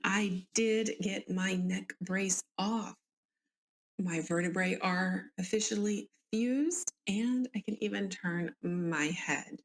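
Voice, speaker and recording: A woman from the Southern US, with a Southern accent, hosting a true-crime podcast and chatting with listeners between readings. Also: mid-range voice. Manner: chatty, conversational asides to listeners. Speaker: podcast host.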